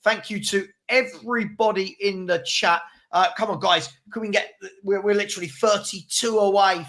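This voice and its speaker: A man's voice: sits high, sharp tone. A man hosting a casual live football chat, arguing his points and urging viewers to subscribe. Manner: chatty, argumentative, keeps urging viewers to subscribe. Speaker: channel host.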